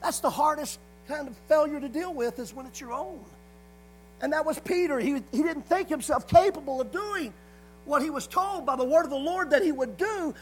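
A man's voice: very high voice, expressive, normal speed, slight background noise, rough recording. A man preaching a sermon, hammering points through repetition and punctuating them with frequent calls of "amen". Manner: repetitive emphatic phrasing, frequent "amen" call-outs.

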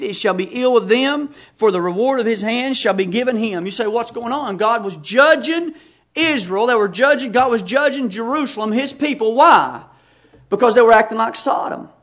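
Male preacher, very high voice, emphatic sermon delivery, scripture reading mixed with anecdotes. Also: fairly bright tone. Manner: emphatic, reads scripture aloud and tells anecdotes.

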